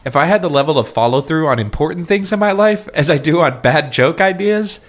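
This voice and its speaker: A man co-hosts a podcast in relaxed chat, often laughing and poking fun at himself. His voice is a bit higher than most men's, and it swings widely in pitch. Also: a little fast. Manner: laughs often, self-deprecating, animated. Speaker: podcast co-host. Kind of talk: casual chat.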